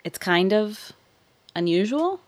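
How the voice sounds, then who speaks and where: A woman's voice: medium pitch, very animated, slow pace. A young woman from the Pacific Northwest telling stories in casual chat, candid and swearing freely.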